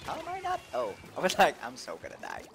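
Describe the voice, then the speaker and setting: Excitable Québécois man streaming games. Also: a little high, creaky, soft background music. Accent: Québécois French. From Quebec, Canada. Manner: excitable, laughs often, quick reactions. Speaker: game streamer. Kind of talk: live gameplay commentary, reading chat aloud.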